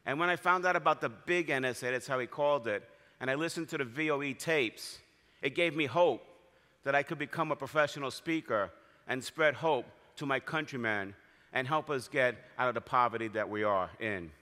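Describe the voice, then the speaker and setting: A man's voice: mid-range voice, fairly quick, pushed and bright, natural voice. A man voicing a grateful, earnest acquaintance who is overwhelmed with emotion, in a large hall with long reverb.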